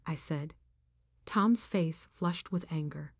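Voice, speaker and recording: Woman, story narrator, firm even reading, low pitch, dry sound. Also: unhurried, breathy edge, no room sound. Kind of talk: first-person story narration.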